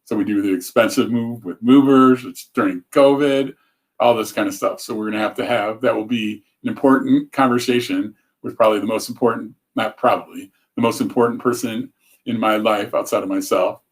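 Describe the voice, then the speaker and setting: This is a man hosting a casual livestream in a slightly low voice. He talks in a loose, rambling way. He cuts himself off and picks the thread up again. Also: steady tone, brisk. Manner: rambling, self-interrupting, chatty. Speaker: show host.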